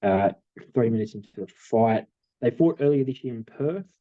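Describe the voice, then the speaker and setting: A young Australian man co-hosting a podcast, telling stories in a relaxed way with many fillers. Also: mid-range voice, normal speed, no room sound, narrow, tinny audio. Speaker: podcast co-host. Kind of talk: casual chat.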